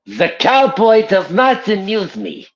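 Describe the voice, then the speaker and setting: A shrill, unhinged mad doctor , put on by a man, with a German accent. His voice swoops theatrically, far above the man's own. The sound comes through a dull, lo-fi mic. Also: huge pitch swings, slow pace, full character voice. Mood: disdainful. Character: unhinged eccentric male doctor, creepy and gleeful.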